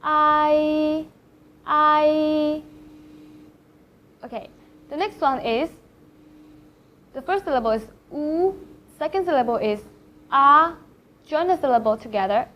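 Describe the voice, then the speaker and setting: A woman's voice: high-pitched, expressive, normal speed, long pauses, slight background noise. A woman with a Thai accent teaching Chinese pronunciation, carefully demonstrating vowel sounds one by one. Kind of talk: pronunciation lesson. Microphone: camera facing the speaker. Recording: slightly dull lo-fi sound.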